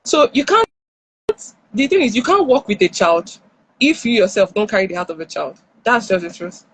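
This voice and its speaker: A woman's voice: medium pitch, moderate pace, slight background noise, rough recording. A woman with a Nigerian accent giving parenting advice on a live stream, acting out what parents and children say. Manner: animated, acts out parent and child lines. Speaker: parenting speaker. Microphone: phone or headset on a live stream.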